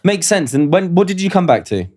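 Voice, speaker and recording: A man's voice: high voice, very animated, brisk, darkish tone, no echo, studio quality. A young man co-hosting a podcast, laid-back and teasing in casual chat. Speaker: podcast co-host.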